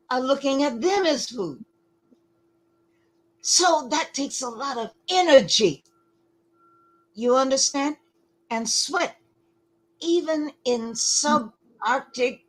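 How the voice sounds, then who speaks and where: A woman giving lecture-style commentary, deliberate and emphatic, often pausing to ask rhetorical questions. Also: fairly high pitch, breathy edge, poor audio.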